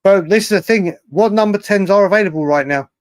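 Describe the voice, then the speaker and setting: Guy hosting a live fan chat, bit high voice, dry close mic, keeps repeating himself. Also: a little fast, no room sound. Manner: animated, swears, repeats himself often. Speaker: host of a live fan show. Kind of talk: live-stream chat reading viewer comments.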